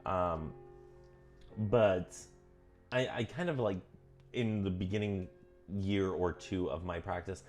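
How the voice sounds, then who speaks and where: A man casually talking through a witchcraft book on his vlog, earnest and self-correcting, often drifting onto tangents, his pitch jumping up when he gets emphatic. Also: takes it slowly, long pauses, darkish tone, soft background music. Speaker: vlogger reading and commenting on a witchcraft book. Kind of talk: casual rambling vlog commentary.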